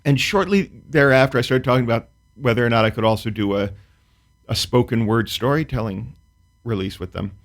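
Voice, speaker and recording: A man speaks at an ordinary mid-range pitch, a comedian telling a story with dry precision. His phrasing is wry and measured, and he shifts easily into relaxed chat about his work. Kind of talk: performed comic storytelling; casual talk-show chat.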